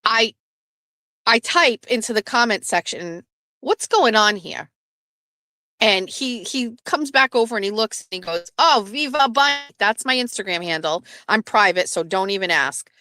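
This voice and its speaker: A woman's voice: medium pitch, moderate pace, dry recording, studio quality. A woman hosting a casual live stream, telling a story with swearing and acted-out quotes. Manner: animated, swearing, acts out quoted voices. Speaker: host.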